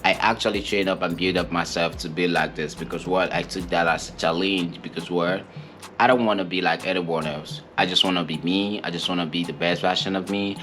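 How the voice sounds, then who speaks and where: A man's voice: sits low, steady tone, fairly quick, sharp tone, slight background noise. A young man from Nigeria, co-host of a couple's channel, answering an interview question in an earnest, emphatic way and repeating his points.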